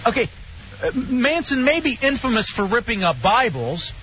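A man hosting a casual radio talk show, joking and animated. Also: moderate pace, faint music behind. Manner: animated, joking, jumping pitch. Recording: dull lo-fi broadcast with faint hiss.

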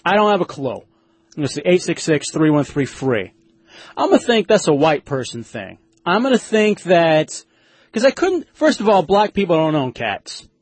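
Male radio host, high and animated, crude joker, dry close mic. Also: normal speed, breathy edge, dry recording. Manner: crude joking, laughs at own lines. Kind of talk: casual radio banter.

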